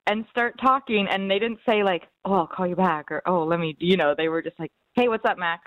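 A woman's voice: on the low side, steady tone, brisk, a bit bright, no echo. A woman calling in to a radio show, telling a casual story in a chatty way and often dropping in "like.". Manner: chatty, uses "like" as a filler. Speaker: caller. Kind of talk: casual anecdote.

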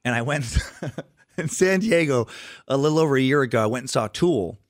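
A man's voice: medium pitch, lively intonation, moderate pace, no room sound, studio quality. A man in his thirties chatting casually, telling rambling, self-deprecating stories. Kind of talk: casual conversation.

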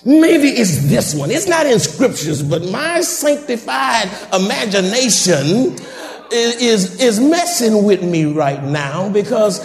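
A man preaching with a very high voice that swoops up and down, calling out to his congregation and breaking into shouts. The sound rings around an echoey church sanctuary. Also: very animated, slow. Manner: fervent, calls out to the congregation, rising to shouts. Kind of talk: sermon.

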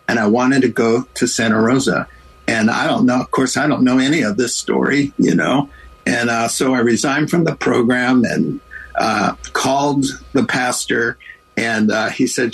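Man, pastor, middle-aged, husky, animated storyteller, radio interview guest. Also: medium pitch, poor audio. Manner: animated storyteller, acts out quoted voices.

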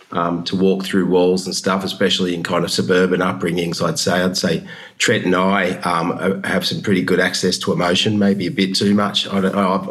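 A man's voice: low voice, fairly bright tone. A man answering a question in conversation, hesitant with stammering restarts. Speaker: guest. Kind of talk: casual conversation.

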